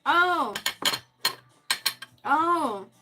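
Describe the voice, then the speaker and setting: A woman's voice: high voice, expressive, drawn-out words, music in the background, low-quality recording. A woman chatting casually with her live-stream viewers and answering their messages as she moves things around her small space. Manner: chatty, reads and answers chat while moving things around.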